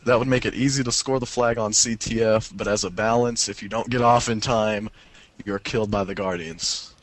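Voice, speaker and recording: A man's voice: fairly low pitch, steady tone, normal speed, no echo. A man co-hosting a casual gaming podcast who reads listener suggestions aloud and adds jokey asides. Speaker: podcast co-host reading listener ideas.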